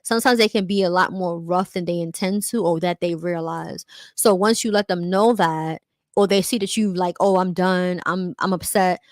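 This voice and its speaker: A woman's voice: lowish voice, normal speed, dry recording. A young woman talks straight into her phone or webcam on a livestream, candid and emphatic. She keeps dropping "like" and "you know" into her sentences. The sound is close and dry, with no room around her. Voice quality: frequent "like" and "you know" fillers. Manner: candid, emphatic, acts out quotes in other voices. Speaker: vlogger. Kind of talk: livestream monologue.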